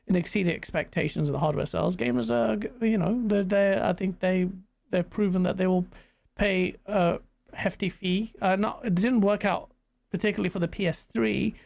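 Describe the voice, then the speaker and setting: A man's voice: high-pitched, fairly even intonation, moderate pace, gravelly, darkish tone. A man hosting a casual gaming chat, rambling with many fillers and restarts. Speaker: podcast host.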